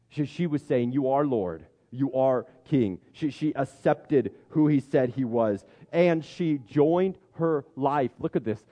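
A man preaching a sermon as pastor, animated and emphatic, often stammering and restarting his words. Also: medium pitch, muffled recording.

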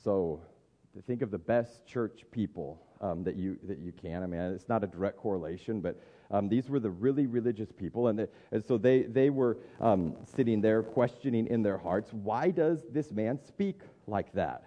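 A man in his thirties gives a casual, conversational sermon as a pastor, often restarting his phrases as he thinks aloud. His voice sits low and mellow. The recording is dull and carries the long reverb of a large hall. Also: normal speed.

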